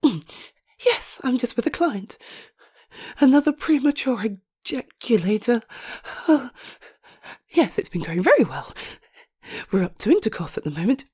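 Out of breath and panting, this husky young woman talks in a breathy voice that keeps sliding into a gentle whisper. She swings widely in pitch, from quiet low murmurs to high exclamations, at a moderate pace with frequent pauses.

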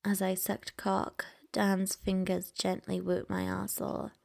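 A woman reading a first-person story aloud in a soft, intimate whisper. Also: mid-range voice, monotone, a little slow, vocal fry.

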